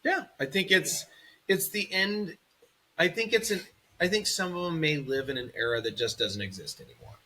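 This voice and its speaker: A man hosts a casual podcast with a bright, forward voice. He talks in an animated, rambling way, laughing easily between his points. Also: a little high, moderate pace. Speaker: podcast host.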